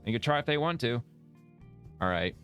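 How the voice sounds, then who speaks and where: A man's voice: mid-range voice, expressive, moderate pace, fairly bright tone, muffled recording, faint music behind. A man hosting casual political reaction commentary, blunt and profane, rambling and laughing as he talks. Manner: rambling with many restarts.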